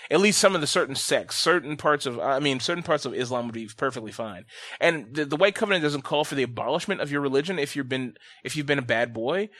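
A man hosting a casual podcast chat, ranting bluntly and profanely, his pitch and loudness swinging sharply as he gets worked up. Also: expressive, quick pace, dry recording. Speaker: podcast host.

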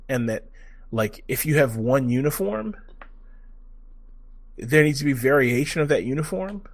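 Excitable man reviewing a game. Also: medium pitch. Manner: excitable, swears, many fillers and restarts. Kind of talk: casual game review chat.

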